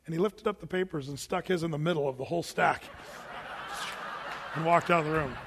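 A man preaching a sermon in a church, telling stories with animated delivery and laughing with the congregation. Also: fairly high pitch, a little fast, big-room sound, background noise. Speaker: pastor. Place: church sanctuary.

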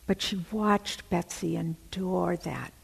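A woman preaching and telling a story, her breathy voice dramatic and often sinking to a near whisper. She speaks slowly, and her words ring out with a long reverb, as if in a large hall. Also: fairly low pitch, fairly even intonation. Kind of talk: sermon storytelling.

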